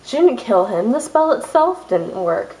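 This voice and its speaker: A young woman vlogger ranting angrily to her camera, fast and exasperated with sudden outbursts. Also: fairly high pitch, very animated, darkish tone, low-quality recording. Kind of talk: angry rant to camera.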